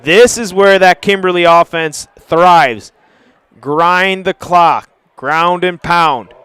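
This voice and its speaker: A man calling a live high school football game play by play, brisk and chatty, surging to shouts on big plays. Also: clear, resonant tone, dry recording. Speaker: play-by-play announcer.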